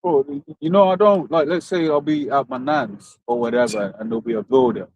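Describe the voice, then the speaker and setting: A British man in a casual discussion, talking in a halting way and repeating words. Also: medium pitch, a little mellow, slightly rough, dry recording, muffled recording. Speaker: podcast co-host.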